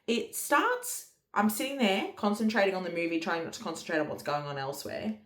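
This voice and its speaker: A woman's voice: medium pitch, expressive, a little fast, a bit bright. A woman casually telling her birth story, candid and swearing, acting out her own past lines. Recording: echoey room.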